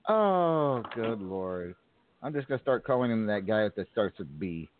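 A man's voice: on the low side, very animated, unhurried. A man hosting a call-in show, bantering and often stumbling over his words. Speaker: host. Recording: phone-like narrow sound.

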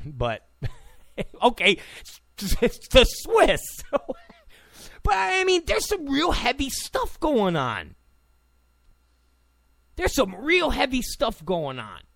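A man rants in a high, gravelly voice that swings widely in pitch. He talks slowly and repeats his points, with sarcastic asides along the way. The sound is dry and close. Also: huge pitch swings, fairly bright tone, no echo. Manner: heated, ranting, sarcastic asides, repeats phrases. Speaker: political commentator. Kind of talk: opinionated political rant.

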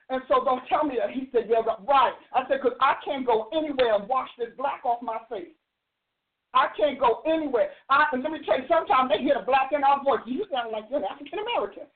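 A woman's voice: high voice, fairly quick. A woman in her sixties telling a story and arguing emphatically, like a host preaching to her audience. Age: 60s. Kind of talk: animated opinion talk. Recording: tinny phone-like sound.

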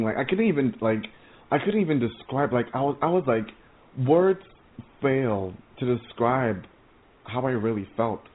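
A man giving an informal testimony sermon, earnest and excitable, rambling with many stammered restarts. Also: medium pitch. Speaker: preacher sharing visions. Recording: tinny phone-like audio.

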